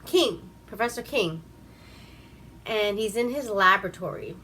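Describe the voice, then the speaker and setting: A woman's voice: mid-range voice, lively intonation, unhurried, sharp tone, a little hiss or hum. A woman giving a rambling, profane, casual recap of an old movie and laughing at herself. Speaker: movie reviewer.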